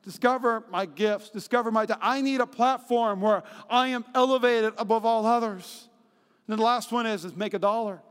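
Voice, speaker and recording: A man preaching a sermon as pastor, telling stories with animated, acted-out voices and humor. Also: normal speed, smooth. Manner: animated storytelling, acts out quotes in high voices. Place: church auditorium. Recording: long hall reverb.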